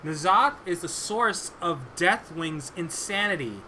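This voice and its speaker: A man with a bright, forceful voice that sits a little above the usual pitch hosts a casual gaming chat. He talks eagerly and reads facts off his notes. Faint noise hums underneath. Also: lively intonation, takes it slowly. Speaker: podcast host.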